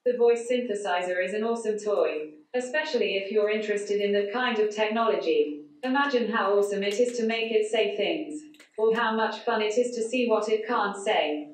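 Flat computer voice of a woman speaker. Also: mid-range voice, moderate pace. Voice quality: flat synthetic computer voice without intonation. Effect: speech synthesizer. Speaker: conference speaker. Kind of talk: prepared talk read out by text-to-speech. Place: large conference hall. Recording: echoey hall, voice from far off.

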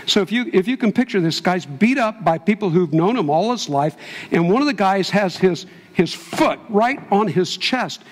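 In a church sanctuary, a male pastor preaches a sermon, telling a story and building to impassioned peaks. His high voice is animated and moves at a moderate pace. A long hall reverb fills the recording.

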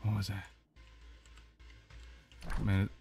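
A man giving casual let's-play commentary on a horror game, chatty and quick to exclaim, often repeating himself. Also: on the low side, monotone, warm tone. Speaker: gamer playing a horror game.

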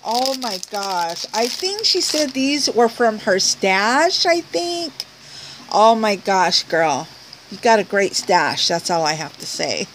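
A woman's voice: medium pitch, lively intonation, takes it slowly, background noise. A woman chatting casually as she unboxes a package on camera, gushing over each item and talking to the sender. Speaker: craft vlogger opening mail.

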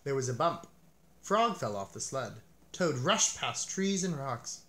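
A man reading a children's picture book aloud as narrator, with an expressive, animated delivery. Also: mid-range voice, measured pace.

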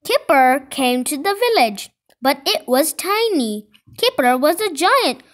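A woman reading a children's storybook aloud, slowly and expressively. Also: high-pitched, sing-song, a bit bright.

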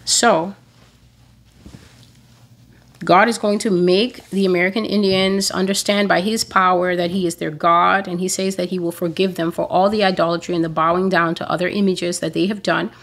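A woman with a somewhat low voice delivers a sermon. She speaks earnestly and emphatically, repeating her phrases over and over to drive each point home. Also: flat delivery, normal speed, fairly bright tone. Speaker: prophecy blog preacher.

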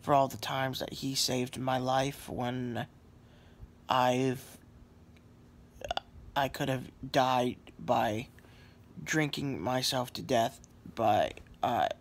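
A man's voice: medium pitch, gravelly, fairly bright tone. A sleepy man lying on a couch at home, rambling in a casual vlog with lots of fillers and apologies. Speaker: vlogger.

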